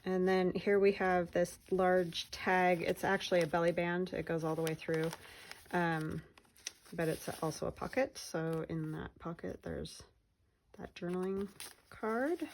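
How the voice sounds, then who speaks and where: A woman's voice: on the low side, steady tone, measured pace, slight background noise, poor audio. A woman narrating a casual craft journal flip-through, chatty and meandering, often trailing off mid-sentence. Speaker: craft vlogger.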